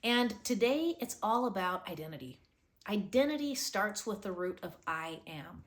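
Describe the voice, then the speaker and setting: A woman's voice: medium pitch, big pitch swings, moderate pace. A woman hosting a motivational talk, earnest and coaching, firing off rhetorical questions at the listener. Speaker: motivational host.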